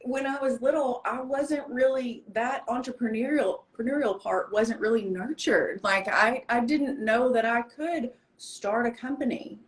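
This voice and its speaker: A woman's voice: on the high side, moderate pace, hardly any pauses, rough recording. A woman in her forties, a trademark attorney, talking earnestly and chattily as a podcast guest. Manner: chatty, earnest, animated storyteller. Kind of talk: casual podcast conversation.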